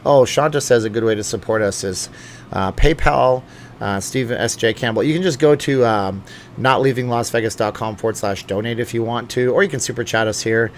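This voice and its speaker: A middle-aged man at home hosts a relaxed late-night livestream, reading viewer comments aloud and answering the chat. His medium-pitched voice is brisk, and he jokes, thinks aloud and throws in fillers and asides over slight background noise.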